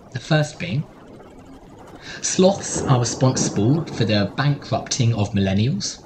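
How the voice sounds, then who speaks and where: A man co-hosts a podcast, arguing a silly point with deadpan, mock-serious delivery. His voice sits at an ordinary pitch for a man. A faint background hiss sits under the casual chat. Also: slow, long pauses, low-quality recording. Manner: playful, mock-serious debating. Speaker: podcast co-host.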